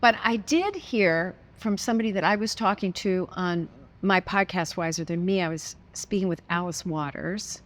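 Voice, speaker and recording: A woman's voice: on the low side, moderate pace. A woman as an interview guest, telling stories casually and expressively, with frequent laughs and hesitant restarts. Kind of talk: casual conversational storytelling.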